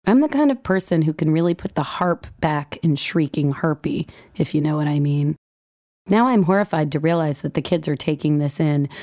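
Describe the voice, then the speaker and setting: Low, warm woman reading her own essay, wry storyteller who gives quoted lines a lively lift. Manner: wry, dryly humorous storytelling; acts out dialogue with lively pitch jumps. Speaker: writer reading her own blog entry. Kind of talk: first-person essay reading.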